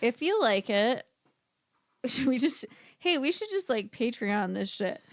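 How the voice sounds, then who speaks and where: A woman's voice: fairly high pitch, big pitch swings, a little slow, dry recording. Laughing, swearing woman podcast co-host. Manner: laughing, swears freely, playful. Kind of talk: casual chat.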